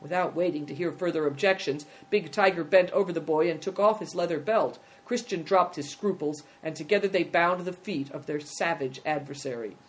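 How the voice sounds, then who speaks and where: Low-voiced woman reading a storybook. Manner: measured reading. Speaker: narrator. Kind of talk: storybook narration.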